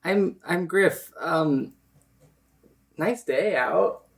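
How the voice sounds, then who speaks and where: A woman's voice: on the low side, very slow, creaky. A woman player speaking in character in a tabletop game, earnest and hesitant.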